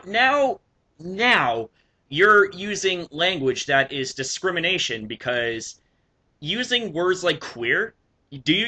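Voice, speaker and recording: A man's voice: fairly high pitch, sharp tone. A young man in a vlog, ranting indignantly about screenshots, swearing often and stumbling through fillers and restarts. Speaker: YouTuber. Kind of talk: ranting commentary over screenshots.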